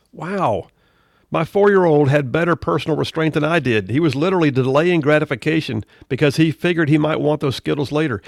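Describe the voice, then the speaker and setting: A middle-aged male radio host with a gravelly, creaky, fairly high-pitched voice delivers a folksy studio monologue. He talks conversationally but drifts into preachy asides. The recording is dry and close, with no room sound.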